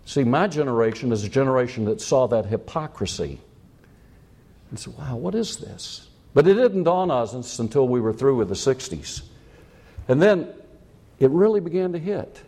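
A man's voice: mid-range voice, expressive, moderate pace, mellow. An older man preaching a sermon with passion, repeating lines for emphasis and asking rhetorical questions.

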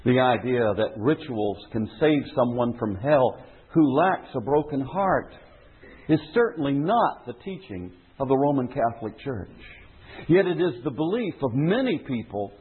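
Husky-voiced preacher on a tinny recording. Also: male voice, medium pitch, lively intonation, measured pace. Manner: earnest, emphatic preaching. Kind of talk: sermon with read-aloud novel excerpt. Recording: tinny phone-like sermon recording.

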